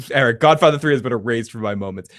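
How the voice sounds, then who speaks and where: A man's voice: medium pitch, fairly bright tone. A man giving a casual, rambling TV episode recap, swearing freely and chuckling as he goes. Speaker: TV show reviewer.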